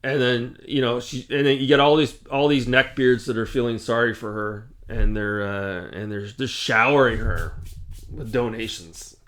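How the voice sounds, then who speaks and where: A man's voice: mid-range voice, fairly even intonation, normal speed, fairly bright tone. A Canadian man hosting his gaming channel, ranting casually to camera in an exasperated, repetitive way.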